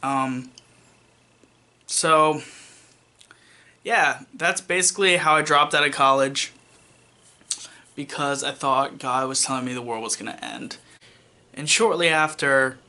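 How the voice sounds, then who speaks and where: Young guy vlogging his own story, loose and rambly, lots of ums, kinda dry jokey asides, really bright sharp voice. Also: mid-range voice, slow pace, pauses often. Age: young adult. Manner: rambling, with many fillers and restarts; wry, self-mocking asides. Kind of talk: casual personal storytelling.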